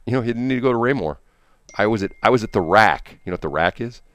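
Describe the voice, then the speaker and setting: A man's voice: lowish voice, lively intonation, fast talker, a bit bright, no room sound. A middle-aged man hosting a morning radio show, telling rambling anecdotes full of fillers in a studio. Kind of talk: casual on-air chat and storytelling.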